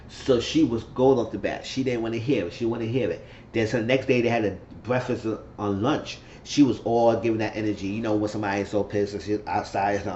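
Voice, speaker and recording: A man giving a casual recap of a reality-show episode. He talks in an animated way and acts out the people he quotes. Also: fairly low pitch, fast talker, roomy sound, dull audio, slight background noise. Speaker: YouTube reality-show reviewer.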